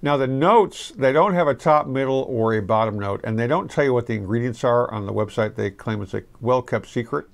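A middle-aged man giving a casual, rambling fragrance review to camera, relaxed and full of restarts. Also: medium pitch, vocal fry.

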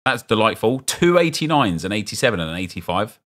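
A young man streaming a football game, chatting with viewers and reacting loudly to what he opens. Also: lowish voice, a little fast. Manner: chatty, reads chat aloud, gets loud and excited at good pulls. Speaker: gaming streamer. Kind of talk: live stream commentary opening game packs.

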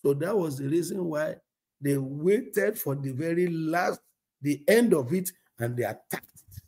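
A man preaching a sermon as pastor, telling a story in an animated way, acting out dialogue and chuckling often. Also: fairly high pitch, a little slow.

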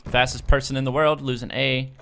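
Excitable young man commentating gameplay. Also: medium pitch, fairly quick, creaky, a little hiss or hum. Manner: excitable, yelps and laughs when things go wrong. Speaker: gaming YouTuber. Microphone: desk microphone at a gaming setup.

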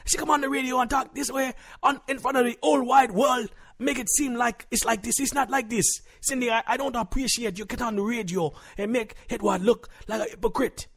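A man playing a boastful, hot-tempered Jamaican husband calling a comedy radio show, with a Jamaican accent, preaching in broken grammar and flaring into shouts. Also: medium pitch, expressive, moderate pace, slightly rough. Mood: outraged. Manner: flares into shouting. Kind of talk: comedy radio call-in sketch.

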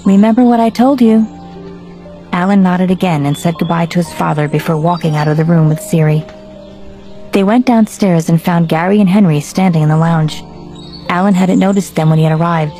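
Low, gravelly woman narrating a story. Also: fairly even intonation, a little fast, warm tone, soft background music. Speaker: audiobook narrator. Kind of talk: scripted narration.

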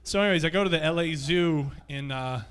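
A man's voice: fairly high pitch, fairly quick, a bit bright, clear, resonant tone. A man doing stand-up comedy on a theatre stage, telling loose, profane stories to a live audience. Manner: loose, profane anecdotal storytelling. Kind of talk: stand-up set.

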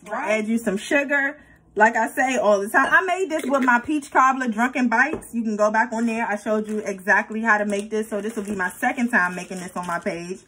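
A woman hosting a home cooking video, playful and chatty as she talks her viewers through each step. Her voice sits a little high and has a husky edge. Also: pushed and bright, low-quality recording. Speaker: cooking vlogger. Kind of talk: casual cooking tutorial.

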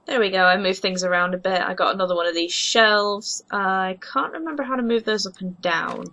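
A young woman giving casual, excitable commentary while playing a life-simulation game, gushing over cute pets. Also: medium pitch, brisk. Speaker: gaming video host.

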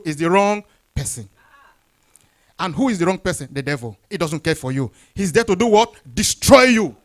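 A pastor delivers a Sunday sermon, tossing out questions and answering them himself. His higher-pitched voice rises loud and then drops low and soft, with a very lively, animated swing. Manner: call-and-response questions, rising then dropping low.

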